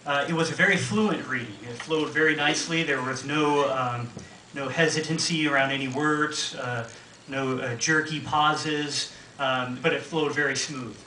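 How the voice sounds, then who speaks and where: A man gives spoken feedback on a reading, pausing often on uhs and ums. His voice is bright and forceful, heard from a distance in a roomy hall with faint ambience. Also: a little high, steady tone, a little hiss or hum. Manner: hesitant, many uhs and ums. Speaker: reading instructor.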